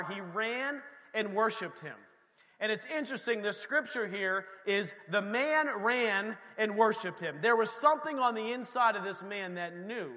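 High-voiced emphatic man preaching. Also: big-room sound. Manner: emphatic preaching, swings from loud to soft. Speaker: pastor. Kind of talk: sermon.

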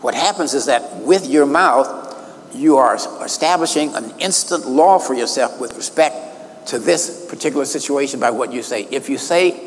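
A male minister preaches from his notes, pressing his points and drawing out the words he wants to land. His voice sits in a mid range. It rings through a reverberant hall over a faint hiss. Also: medium pitch. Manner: emphatic, stretches key words slowly. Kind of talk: sermon teaching from notes.

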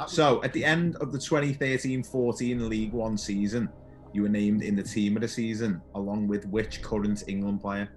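A man's voice: lowish voice, fairly even intonation, moderate pace. A man hosting a podcast, asking quiz questions in a casual, chatty way and laughing often. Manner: chatty, laughs often, calls guest "mate". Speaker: podcast host.

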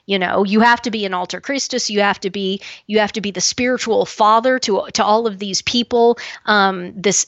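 A woman's voice: mid-range voice, a bit bright, dry recording. Blunt, emphatic woman podcaster. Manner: emphatic, blunt, frequent restarts. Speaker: podcast co-host. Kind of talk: opinionated podcast commentary. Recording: dull, lo-fi dry sound.

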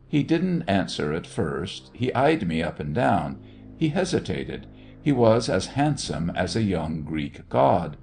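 A man reading a first-person tale in a measured, conversational manner. His voice sits low with a gravelly edge, and his pitch moves a lot as he tells the story. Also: soft background music. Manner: measured, conversational, with animated dialogue. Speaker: audiobook narrator.

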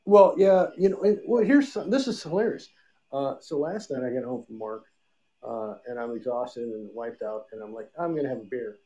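A man rambles through a casual podcast chat, cursing and joking as he goes, with the hiccups. His voice is mellow and relaxed, of middle pitch. The recording sounds dull and lo-fi. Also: moderate pace. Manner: loose, rambling, profane and joking. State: has the hiccups. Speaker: podcast co-host.

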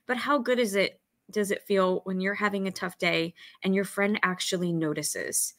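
A woman's voice: medium pitch, normal speed, a bit bright, dry recording. A woman talking earnestly in a casual podcast conversation, acting out quoted dialogue as she talks about suicide prevention training.

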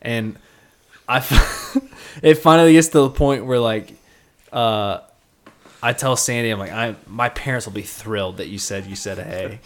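A man's voice: medium pitch, unhurried. A man in his twenties, a podcast co-host, telling a rambling, swearing story with laughs. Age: 20s. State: slightly tipsy. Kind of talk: casual storytelling.

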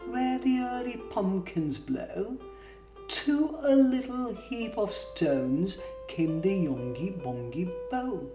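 Brief: woman reader, slow and lilting, lower voice with a lively melody, far roomy mic. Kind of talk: poetry reading. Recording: roomy distant mic with guitar music.

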